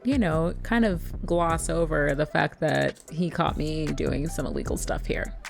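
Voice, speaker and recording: A woman's voice: deep voice, animated, unhurried, vocal fry, faint music behind, exaggerated voice. A woman voicing a defensive, scheming young adult daughter in a life-sim game story, exasperated and pleading her case.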